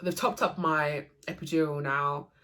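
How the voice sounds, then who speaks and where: Low-voiced young woman vlogger. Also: steady tone, normal speed, fairly bright tone. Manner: emotional, lots of fillers and restarts. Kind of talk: casual storytelling to camera.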